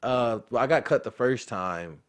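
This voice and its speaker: A young man in his twenties tells a story from his own life in a relaxed, conversational way, with a voice of middle pitch. He gets animated as he goes and acts out the voices of the people in the story. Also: moderate pace, clean tone. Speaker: interview guest, football player. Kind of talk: casual storytelling.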